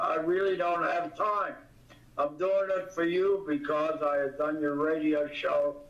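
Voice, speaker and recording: An older man, a comedian guest in an interview, talking in a halting way with many pauses and fillers, recorded from a distance. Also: a little high. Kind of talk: casual interview. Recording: distant, echoey, dull audio.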